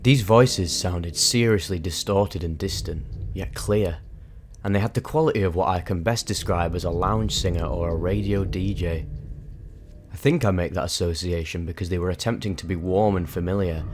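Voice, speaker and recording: Low-voiced man telling an intense story. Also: normal speed, slight background noise. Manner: intense, vivid, emphatic. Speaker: narrator. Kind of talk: dramatic first-person storytelling.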